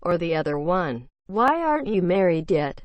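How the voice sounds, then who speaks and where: A woman's voice: on the low side, big pitch swings, normal speed, dry recording, highs cut off. A woman reading forum posts aloud in a dry, matter-of-fact scripted narration.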